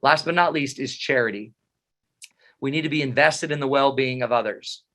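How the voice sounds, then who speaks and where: A middle-aged man giving a motivational talk, animated and self-mocking, telling funny stories. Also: medium pitch, moderate pace. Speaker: motivational speaker. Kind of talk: humorous storytelling talk.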